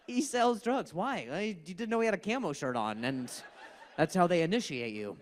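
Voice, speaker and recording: A man's voice: sits high, animated, normal speed. A young man doing stand-up crowd work, stammering and repeating words, laughing often. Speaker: stand-up comedian. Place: comedy club stage.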